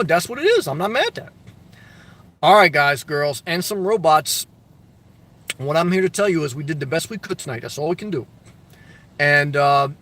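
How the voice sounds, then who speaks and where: A middle-aged man with a high, pushed, bright voice hosts a live stream, reading viewer comments out loud. His advice is blunt and loose, and his casual talk is packed with fillers and restarts.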